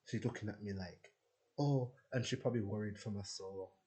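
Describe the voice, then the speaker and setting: A man's voice: lowish voice, normal speed, mellow, poor audio. A man venting to his viewers in a rambling, profane personal rant, full of restarts. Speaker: vlogger.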